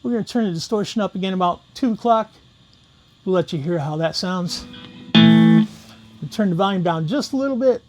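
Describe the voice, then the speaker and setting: High-voiced man demoing guitar pedals. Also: moderate pace, pauses often. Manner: relaxed, steps through each knob setting. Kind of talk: casual demo talk. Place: room with guitar gear.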